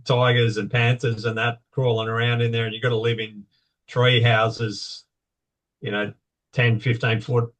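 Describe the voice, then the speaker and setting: A man's voice: medium pitch, level tone, measured pace, a bit bright, rough recording. A middle-aged Australian man with a mid-range voice, chatting casually about past adventures. He explains things for the listener and builds his stories with vivid, easygoing detail. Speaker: podcast guest. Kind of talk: casual conversation.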